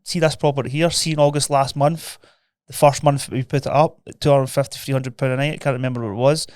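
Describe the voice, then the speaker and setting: A Scottish man co-hosting a podcast talks fast and informally. His voice is smooth and clear. It sounds close and dry. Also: mid-range voice, fairly even intonation, a little mellow, no echo. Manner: quick, informal, recounting deals with investors. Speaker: podcast co-host. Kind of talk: casual chat.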